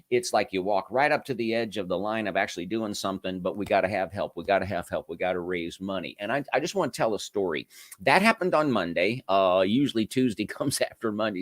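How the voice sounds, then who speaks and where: Man, low voice, dry close sound, rambling casual commentary, lots of restarts. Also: dry recording. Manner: rambling, with many restarts and asides. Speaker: political commentary host.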